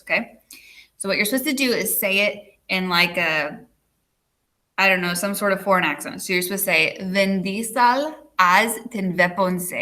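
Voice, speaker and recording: A woman's voice: medium pitch, sharp tone. A woman teacher giving a recorded video lesson, chatty and checking in with her students with frequent "okay"s.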